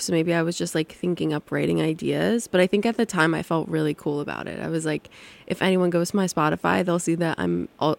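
A woman's voice: fairly low pitch, creaky, no room sound. A young adult woman hosting a college radio show, chatting casually between songs in a rambling way, full of "like" and "um". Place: radio studio.

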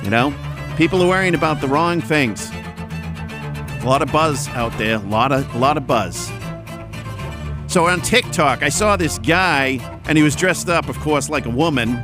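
A man's voice: a little high, expressive, moderate pace. Rambling sarcastic man over music. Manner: sarcastic, rambling, mocks others in put-on voices. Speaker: comedic podcast host. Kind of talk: rambling comedic monologue.

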